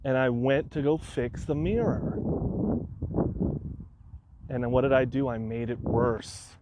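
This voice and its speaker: A man hosting a solo podcast, telling a personal story in an animated way and acting out his own frantic outbursts. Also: mid-range voice, a little slow, very noisy. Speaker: podcast host.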